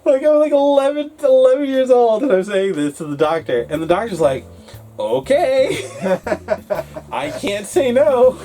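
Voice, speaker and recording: A man co-hosting a casual English-learning talk show, telling a story in an animated way and acting out his younger self. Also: very high-pitched, moderate pace, soft background music.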